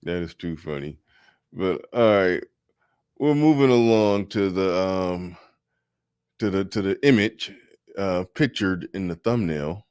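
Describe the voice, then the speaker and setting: Give me a man with a very low voice hosting a casual talk show. He reacts with easy amusement and keeps the topics moving. The sound is close and dry. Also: unhurried, long pauses, clear, resonant tone, dry recording. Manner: relaxed, amused, moves the show along. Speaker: host. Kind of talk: casual chat.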